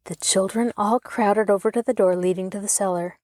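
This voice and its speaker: A woman hosting and narrating a children's storybook audiobook in an expressive storytelling way. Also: medium pitch, fairly quick, no echo, studio quality. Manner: expressive, even storytelling pace.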